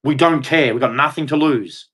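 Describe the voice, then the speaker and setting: A man's voice: a little high, moderate pace, a bit bright, breathy edge. Heated ranting Australian man. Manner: blunt, crude, heated, repetitive. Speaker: livestreamer. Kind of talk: angry ranting monologue.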